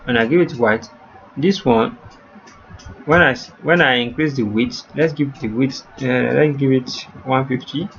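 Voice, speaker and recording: Male coding tutor, patient and repetitive, mid-pitched voice, slightly muffled lo-fi recording with faint background noise. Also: unhurried, gravelly, fairly bright tone, faint music behind. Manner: repetitive step-by-step explaining, addresses viewers as you guys.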